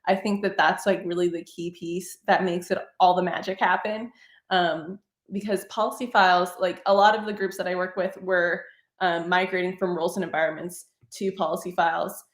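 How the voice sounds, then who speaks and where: A woman's voice: lowish voice, fairly even intonation, normal speed. Woman guest with a roomy echo. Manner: enthusiastic, filler-heavy with "like" and "um". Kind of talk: casual panel discussion.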